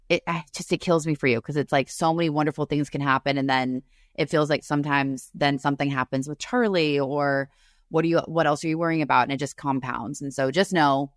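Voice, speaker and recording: A woman's voice: extremely low pitch, no echo, clean studio sound. A woman co-hosting a podcast remotely, comforting her friend in a rambling, tearful way. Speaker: podcast co-host. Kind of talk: casual chat. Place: separate room, remote recording.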